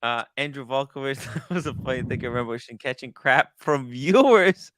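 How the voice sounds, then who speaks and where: Lively, bright-voiced man joking around. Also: mid-range voice, normal speed, slight background noise. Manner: animated, laughs often, jokey. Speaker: podcast panelist. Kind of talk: casual chat.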